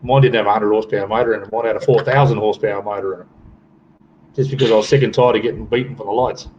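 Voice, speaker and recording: Joking older Australian bloke, lo-fi. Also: male voice, fairly low pitch, fairly even intonation, racing, a little mellow. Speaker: guest on a livestream. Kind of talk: casual chat. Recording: dull lo-fi with faint noise.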